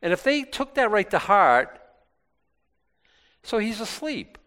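A man's voice: sits high, sing-song, slow pace, a bit bright, smooth. A male pastor giving an informal Bible talk, chatty and self-deprecating, with many restarts. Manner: conversational, rambling with many restarts; self-deprecating and lightly joking.

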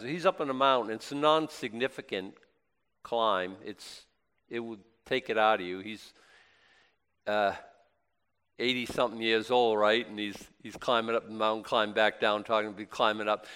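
A man's voice: mid-range voice, fairly even intonation, normal speed, fairly bright tone, smooth. A man preaching a sermon in a chatty, self-deprecating way, with joking asides between scripture readings. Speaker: pastor.

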